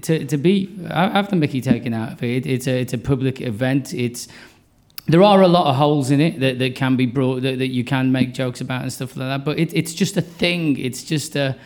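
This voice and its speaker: A man answering as a comedian guest, halting and repeating words as he thinks aloud. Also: mid-range voice, a little mellow. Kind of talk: casual interview answer.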